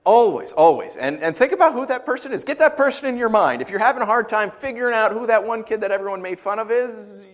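A middle-aged man preaching a sermon in an animated, conversational way. His voice sits a little higher than most men's, and he moves between scripture reading and off-the-cuff asides. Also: quick pace, few pauses. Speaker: pastor.

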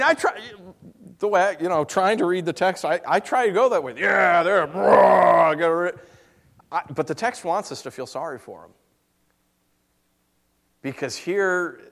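Guy preaching, slightly high voice, tells his own story all emotional, goes quiet then loud. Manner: emotional storytelling, swings from hushed to raised. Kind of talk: sermon with personal story.

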